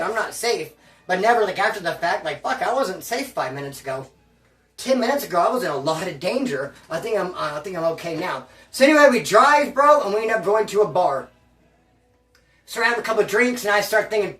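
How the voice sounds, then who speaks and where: A man's voice: high voice, fairly bright tone, echoey room, distant mic. Rambling man telling a street story. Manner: rambling, profane street slang. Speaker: storyteller recounting his past. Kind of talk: casual storytelling.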